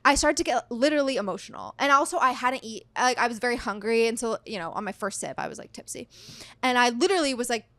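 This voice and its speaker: A woman in her thirties, a podcast guest, telling a dating story in an animated, chatty way full of "like". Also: a little high, quick pace, dry recording. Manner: chatty, heavy use of "like", animated retelling. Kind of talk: casual storytelling chat.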